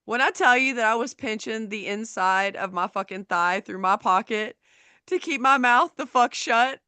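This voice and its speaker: A woman's voice: a little high, normal speed, sharp tone, smooth, dry recording. A woman who works as a paralegal, telling a courtroom story in casual, profane chat and laughing as she goes. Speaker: podcast host.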